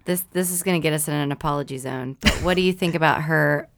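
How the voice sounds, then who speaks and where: A woman co-hosting a podcast, chatting casually with wry, quick quips. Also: deep voice, creaky, no echo. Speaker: podcast co-host. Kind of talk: casual chat.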